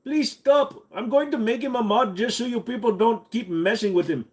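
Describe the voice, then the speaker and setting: A man's voice: medium pitch, expressive, drawn-out words, vocal fry, a little mellow, heavily acted. A man putting on a comic foreign accent, chatty and playful, during a livestream.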